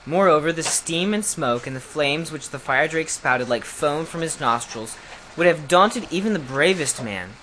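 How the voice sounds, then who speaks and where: Lively storybook narrator. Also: medium pitch, a little hiss or hum, rough recording. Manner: lively, expressive reading. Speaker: audiobook reader.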